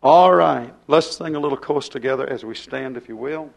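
A man preaching a fiery revival sermon. He acts out dialogue in his sermon and drops to a hush at times. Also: medium pitch, brisk, creaky.

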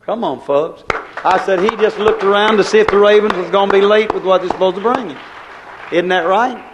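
A man's voice: sits high, fairly quick, noisy background. A male minister preaching a sermon in a folksy way, often calling out to his congregation.

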